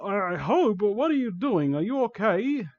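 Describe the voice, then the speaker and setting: A man's voice: high voice, normal speed, no echo, lo-fi sound, close to an everyday voice. A man voicing a creepy male teacher in a vague put-on accent, smarmy. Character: creepy male teacher, middle-aged, predatory.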